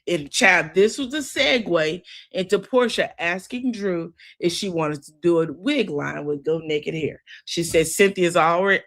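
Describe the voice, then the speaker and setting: A woman's voice: medium pitch, fairly bright tone. A woman hosting a casual recap of a reality TV episode, chatty and opinionated, often calling her listeners "child" and "girl.".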